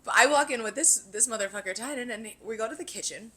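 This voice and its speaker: A woman co-hosting a casual chat, telling a party story with lots of laughs and animated asides. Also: on the high side, fast, husky. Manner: animated, laughs often, slips into quoted voices. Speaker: podcast co-host.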